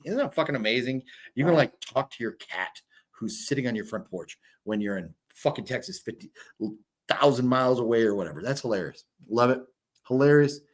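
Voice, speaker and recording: A man in his fifties hosting a casual livestream, rambling and swearing as he reads chat comments. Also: medium pitch. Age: 50s. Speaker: livestream host. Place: hotel room.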